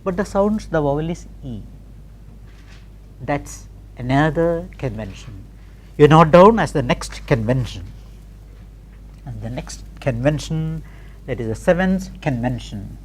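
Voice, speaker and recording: In a slow recorded classroom lesson, a middle-aged woman teaches pronunciation, carefully spelling out and repeating each word letter by letter. Her low voice is animated with a breathy edge, and she goes a little slowly with frequent pauses.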